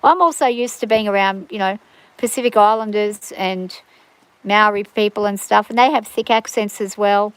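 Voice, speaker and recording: A woman's voice: mid-range voice, moderate pace, clean tone, no room sound, rough recording. A woman hosting a livestream from her farm, chatting casually and rambling with frequent restarts and fillers. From Australia.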